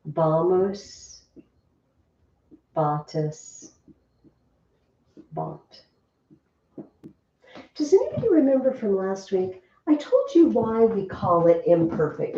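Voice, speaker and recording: Woman teacher, animated and mellow-toned, heard from a distance in a dull, roomy classroom recording. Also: mid-range voice, slight background noise. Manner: lively, chatty teacher asking the class questions. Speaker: Latin teacher. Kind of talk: classroom lesson.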